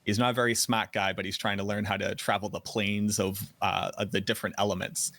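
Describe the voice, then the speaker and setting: A man from Boston's North Shore with a faint local accent talks through his stories on a casual podcast. His voice sits on the low side, and he jokes about himself in a relaxed, chatty way. The sound is close and dry. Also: a little fast, no room sound. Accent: light Boston. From North Shore of Boston, USA. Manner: chatty, self-deprecating storyteller. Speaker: guest content creator.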